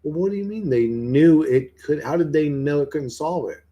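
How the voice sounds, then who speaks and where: A man's voice: a little high, moderate pace, warm tone, lo-fi sound. A man livestreaming who rambles, swears freely and keeps firing questions back at his chat in casual talk.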